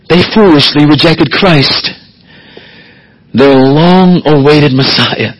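A man's voice: mid-range voice, a little slow, long pauses, a bit bright, husky, poor audio. A man preaching an expository sermon as pastor, reading scripture and building to emphatic, rising swells.

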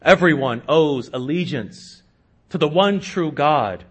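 Pastor, male, high voice, deliberate sermon delivery with emphatic swells. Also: animated, husky, muffled recording. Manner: slow, emphatic preaching with sharp rises in pitch and volume.

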